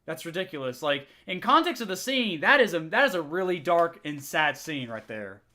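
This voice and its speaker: A man's voice: fairly high pitch, very animated, moderate pace, pushed and bright. A man hosting a reaction video, talking in a defensive, exasperated way. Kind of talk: casual commentary.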